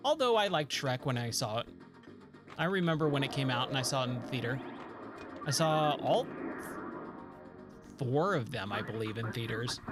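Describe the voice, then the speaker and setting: Chatty man gaming over loud music. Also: mid-range voice, animated, normal speed, pauses often. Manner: rambling, chatty, easily sidetracked. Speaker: streamer playing arcade games. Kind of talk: casual chat while gaming. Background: game music.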